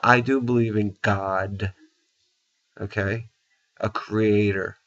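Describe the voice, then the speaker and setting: A man with a lowish, fairly bright voice speaks at a slow, steady pace, ranting angrily at the camera. His opinions come out blunt, profane and repetitive, punctuated with "okay?" and "you know". The recording sounds dull and lo-fi.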